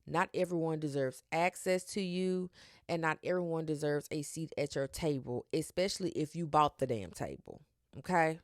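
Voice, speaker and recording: A woman's voice: low voice, normal speed, dry recording, clean studio sound. Sassy woman podcast host. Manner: sassy, animated, with slang and cursing. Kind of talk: casual solo podcast talk.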